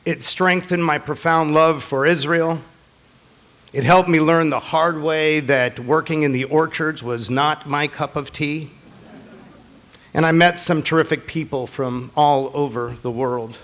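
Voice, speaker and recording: A rabbi giving a holiday sermon to his congregation, mixing personal stories and gentle humor with earnest appeals. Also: fairly high pitch, fairly even intonation, measured pace.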